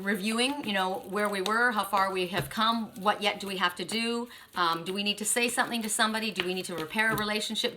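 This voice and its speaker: A woman's voice: mid-range voice, pushed and bright, slight background noise. A woman doing a casual spiritual card reading, chatty and emphatic, often checking in with "right?". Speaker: tarot card reader.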